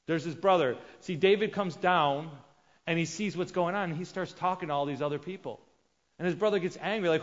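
Male preacher, fairly high voice, dramatic swings from loud to hushed, muffled recording in a reverberant hall. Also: fairly quick. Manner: acts out quoted characters with sudden loud and hushed voices. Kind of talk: sermon. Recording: dull sound with long reverb of a large hall.

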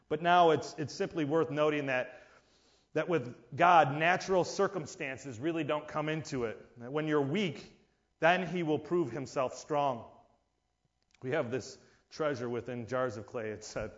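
Male preacher, high register, lively sermon delivery, dull lo-fi recording. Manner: animated, acts out voices, rises and drops in volume. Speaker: pastor. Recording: dull lo-fi sound.

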